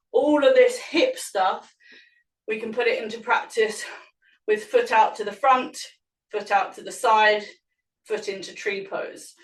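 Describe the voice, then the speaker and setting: A woman yoga teacher leading an online class, cueing poses and breaths and explaining as she moves, a little out of breath. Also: a little high. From England. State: slightly out of breath. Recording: echoey room, mic at a distance.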